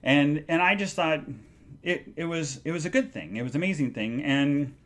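Earnest, halting male podcast host. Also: fairly high pitch, fairly bright tone. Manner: halting and earnest, with many restarts. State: emotional, recounting grief. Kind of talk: solo live podcast monologue.

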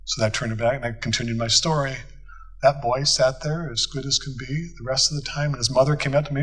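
Husky folksy storytelling pastor, man. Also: medium pitch, fairly even intonation, fast talker, fairly bright tone, low-quality recording. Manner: folksy storytelling with quoted dialogue. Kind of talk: church conference teaching talk. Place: conference hall.

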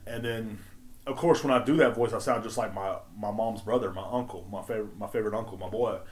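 A man's voice: lowish voice, quick pace, a little mellow. A man hosting his own podcast, ranting casually with heavy swearing and emphatic outbursts. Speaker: podcast host. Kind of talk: casual profane rant.

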